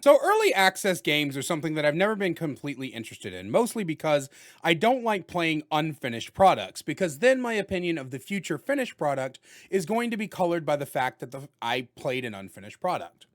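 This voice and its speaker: A man giving a casual spoken video game review, talking loudly with jokes and animated delivery. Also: on the high side, fairly quick. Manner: loud, animated and joking.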